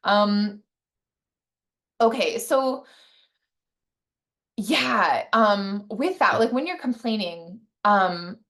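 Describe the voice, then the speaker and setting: A woman's voice: medium pitch, animated, very slow, long pauses, fairly bright tone. A woman relationship coach teaching casually, with a conversational manner, many fillers and frequent tag questions.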